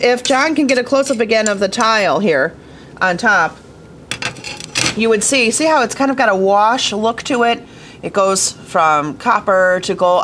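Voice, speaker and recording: A woman's voice: mid-range voice, fairly bright tone, a little hiss or hum. A woman teaching glass fusing in a casual hands-on tutorial, chatty and enthusiastic, talking straight to her viewers from a studio workshop.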